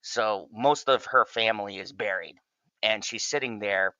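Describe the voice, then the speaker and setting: A man's voice: lowish voice, measured pace, sharp tone, smooth, dry recording. A man casually recapping a crime drama episode in a loose, profane review. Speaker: show reviewer.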